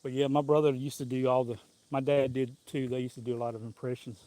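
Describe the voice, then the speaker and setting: A man's voice: medium pitch, level tone, fast talker, dark tone, no echo. A man, talking casually to a live-stream audience outdoors in the sun, rambling and chuckling as he goes. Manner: rambling, chuckling, loose and jokey. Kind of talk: casual live-stream chat while walking.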